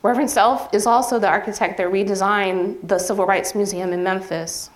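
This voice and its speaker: A woman's voice: mid-range voice, fairly even intonation, brisk. A woman professor giving a nervous, earnest, emotional public presentation at a campus event. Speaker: journalism professor presenting her project.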